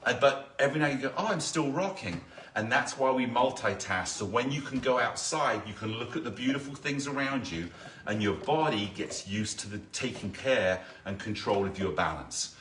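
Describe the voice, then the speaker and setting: A man's voice: medium pitch, expressive, normal speed, a bit bright, slight background noise. A man leading a live-streamed balance workout, counting reps aloud and giving step-by-step coaching. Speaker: balance fitness instructor. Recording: echoey room, voice from a distance.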